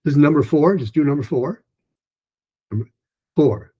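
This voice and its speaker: A man teaching pronunciation in a recorded lesson, chatty and full of restarts, who breaks into lively, higher-pitched drills of practice sentences. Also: normal speed, husky, muffled recording. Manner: chatty, with many restarts and fillers.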